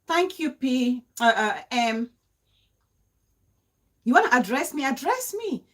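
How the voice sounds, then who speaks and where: This is a young Cameroonian-accented woman going through viewer comments during a live-stream vlog. Her high voice swings widely in pitch, has a fairly bright tone, and takes things slowly. Points come out emphatically and get restated as rhetorical questions.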